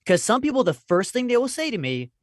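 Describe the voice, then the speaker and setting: A man's voice: very high voice, very animated, fast talker, dry recording, studio quality. Rambling self-deprecating young man. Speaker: podcast co-host, comedian. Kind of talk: casual chat, storytelling.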